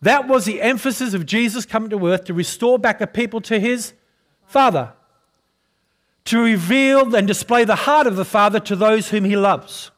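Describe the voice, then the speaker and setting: A male pastor preaching a sermon who keeps putting questions to the congregation and asking for an amen, clearing his throat now and then. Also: high-pitched, moderate pace. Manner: calls for responses from the congregation, often asks questions.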